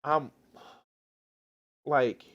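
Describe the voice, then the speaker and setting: A man's voice: drawn-out words, fairly bright tone, dull audio. A man live-streaming reaction commentary, exasperated and swearing heavily, with rambling restarts.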